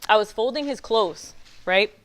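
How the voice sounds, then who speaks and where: A woman giving a talk as guest speaker on a mic, telling stories in an animated way, acting out quotes and laughing. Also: medium pitch, normal speed. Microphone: handheld mic.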